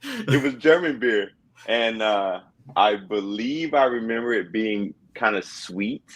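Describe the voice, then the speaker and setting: Middle-aged man, low voice, easygoing storyteller, casual podcast chat. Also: lively intonation, slow pace. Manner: easygoing storyteller, chuckles and trails off. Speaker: podcast co-host.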